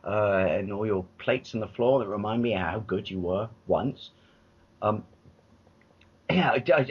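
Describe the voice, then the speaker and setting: An English man co-hosting a casual podcast chat, telling rambling animated stories with lots of restarts and swearing. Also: on the low side, breathy edge. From England. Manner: rambling, animated storytelling with many restarts and profanity. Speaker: podcast co-host. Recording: dull lo-fi podcast audio.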